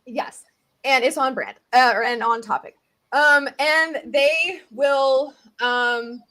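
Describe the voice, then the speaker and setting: A Southern US woman talks in a bright, high voice. She chats in a casual video podcast, animated and eager, often breaking into quick asides as she explains. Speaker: guest tick researcher.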